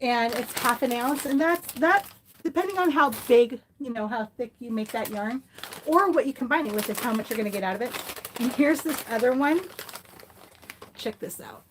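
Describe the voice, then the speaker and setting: A middle-aged woman with a slightly high voice, talking casually to her viewers as she shows off yarn and fiber. She gushes over each piece and wanders into chatty asides, filling gaps with ums. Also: fairly quick, a little hiss or hum. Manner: gushing and chatty, with fillers and asides. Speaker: fiber crafts vlogger. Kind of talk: casual yarn haul chat.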